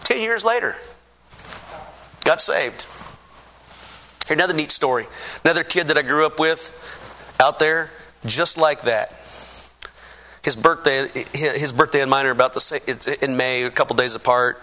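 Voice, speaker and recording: A middle-aged man from the Pacific Northwest giving a lively personal testimony, poking fun at himself and acting out what people said. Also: mid-range voice, normal speed, long pauses. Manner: lively, self-mocking storyteller who acts out quotes. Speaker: church testimony speaker.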